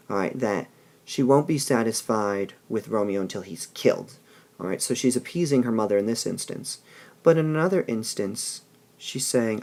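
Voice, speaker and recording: A man with a gravelly, creaky voice teaching a literature lesson. He explains patiently and keeps checking in with the class as he talks. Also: mid-range voice, moderate pace, a little mellow. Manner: explanatory, with frequent "all right?" checks. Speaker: English teacher. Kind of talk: recorded lesson.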